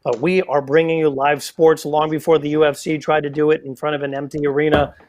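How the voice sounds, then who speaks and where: A man calling a darts match live as play-by-play commentator, excitable and playful, with self-mocking asides. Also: a little high, a little fast.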